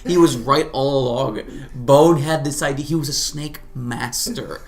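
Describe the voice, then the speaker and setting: Podcast co-host, male, mid-pitched and gravelly; loose, profane banter. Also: a little slow. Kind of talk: casual film recap chat.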